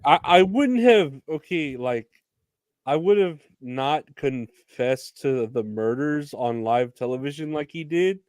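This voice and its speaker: A man co-hosting a casual podcast chat, laid-back and quick to laugh. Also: a little high, animated, a little mellow, dry recording, studio quality. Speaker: podcast co-host.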